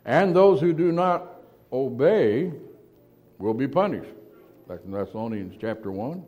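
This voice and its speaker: A man preaching a sermon, asking rhetorical questions and slowing down to stress key words, with quiet asides between louder emphatic points. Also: mid-range voice, expressive, highs cut off.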